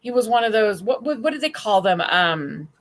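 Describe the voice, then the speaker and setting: A woman's voice: medium pitch, sing-song, moderate pace. A woman hosting a casual livestream chat, rambling and bawdy as she talks with friends and the chat. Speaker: stream host.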